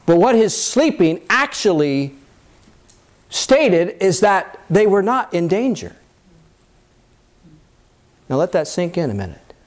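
Preaching to a congregation, a man reads scripture aloud and talks plainly. He rises high and loud as he voices people's pleas, and softens into a low, gentle tone to reassure.

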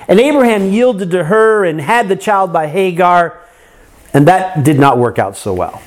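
A man's voice: high-pitched, lively intonation, measured pace. A man preaching a sermon, earnest, asking the congregation rhetorical questions and acting out their complaints.

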